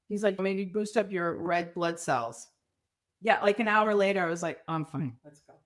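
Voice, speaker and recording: A middle-aged woman, a podcast guest, telling her story candidly and acting out the quoted dialogue with lively voices. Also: medium pitch, normal speed. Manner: animated, acts out quoted dialogue.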